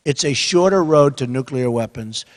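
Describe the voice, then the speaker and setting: An older man in his seventies giving a campaign speech at a rally event, repetitive and emphatic, swinging between quiet asides and loud bursts. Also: medium pitch, lively intonation, moderate pace. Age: 70s. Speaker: candidate speaking at a rally event. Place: large hall with an audience. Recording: echoey hall with crowd behind.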